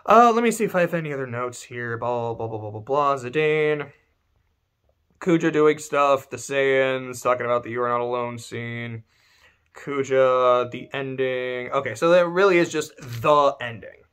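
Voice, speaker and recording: A man's voice: medium pitch, unhurried, a bit bright, smooth. A young man giving a casual spoken game review, rambling, correcting himself and swearing casually.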